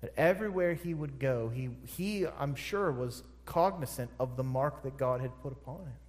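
A man's voice: medium pitch, normal speed. A man preaching a sermon, emphatic and repeating phrases for stress. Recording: long hall reverb.

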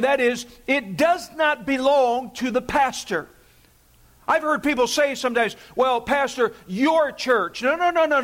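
Slow, high-pitched preaching man. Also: fairly bright tone. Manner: emphatic, repeats key phrases; asks congregation to repeat words. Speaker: pastor. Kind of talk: sermon.

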